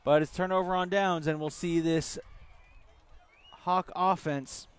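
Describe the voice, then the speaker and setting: A man calling youth football play-by-play outdoors at a field, relaxed, with filler words. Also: fairly high pitch, a little slow, clean tone. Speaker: play-by-play commentator.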